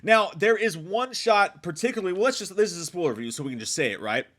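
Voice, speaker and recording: A man's voice: high-pitched, quick pace. A man giving a casual spoiler review of a film, rambling and swearing freely. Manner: profane, rambling, animated. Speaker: movie reviewer.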